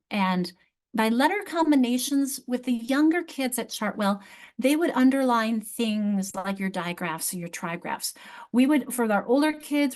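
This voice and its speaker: A woman's voice: mid-range voice, a little mellow. A woman leading an online teacher training, explaining spelling steps and often correcting herself mid-sentence. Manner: explanatory, self-correcting with frequent restarts.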